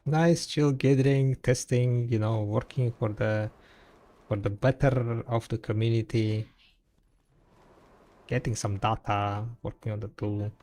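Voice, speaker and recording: A man's voice: lowish voice, fairly even intonation, unhurried, dark tone. A man chatting casually on a gaming stream in a rambling, laid-back way, full of fillers and restarts. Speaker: game streamer.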